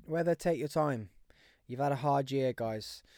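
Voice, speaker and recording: A man's voice: medium pitch, a little slow, darkish tone, no echo, clean studio sound. A young man with a Birmingham accent hosting a podcast, talking in an upbeat, rambling way. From West Midlands, England. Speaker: podcast host. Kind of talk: casual podcast monologue.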